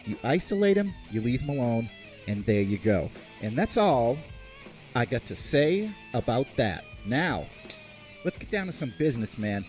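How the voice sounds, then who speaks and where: A man hosting a podcast spins sarcastic, profane stories with lots of swings in his pitch. His delivery is lively and comic. Faint guitar music plays softly behind him. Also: normal speed. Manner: animated, sarcastic, swears freely. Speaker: podcast host.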